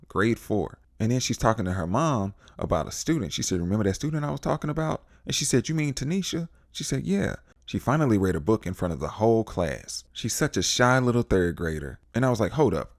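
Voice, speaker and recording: A man's voice: low-pitched, dry recording, studio quality. A man from the United States casually recapping a TV episode, animatedly acting out the characters' lines in different voices. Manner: animated, acts out quotes in voices. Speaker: TV recap host.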